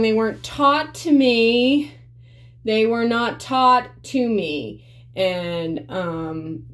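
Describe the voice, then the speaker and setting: A young woman vlogger tells her viewers a personal story in a blunt, profane, conversational manner. Her voice is on the low side and a little mellow, suited to the candid storytelling of her vlog.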